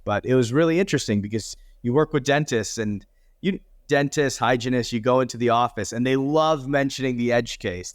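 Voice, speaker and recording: A man in a casual podcast chat, explaining things patiently in an easygoing voice of middling pitch. He laughs lightly now and then. The sound is dry and close. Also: dry recording. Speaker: company co-founder guest.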